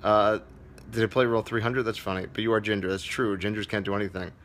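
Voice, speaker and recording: A man's voice: on the low side, steady tone, quick pace, fairly bright tone, slight background noise. Casual, profane male comedy teacher. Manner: reads viewer comments aloud, loose and profane. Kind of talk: casual livestream Q&A.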